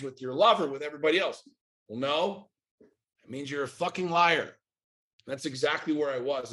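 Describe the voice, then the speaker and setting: A middle-aged man from the United States, a podcast guest speaking candidly and intensely, swearing often and firing off rhetorical questions. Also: medium pitch. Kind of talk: candid interview talk.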